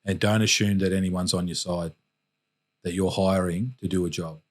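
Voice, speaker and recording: A man, a podcast guest telling personal stories in a candid, reflective way with halting restarts. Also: deep voice, fairly even intonation. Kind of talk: candid storytelling in conversation.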